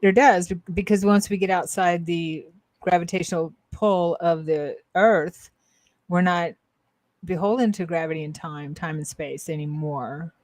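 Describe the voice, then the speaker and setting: A woman's voice: fairly low pitch, steady tone, unhurried, a little mellow, dry recording. A woman co-hosting a casual spiritual talk show as a psychic-medium, telling her story in a rambling, hesitant way with many fillers and restarts.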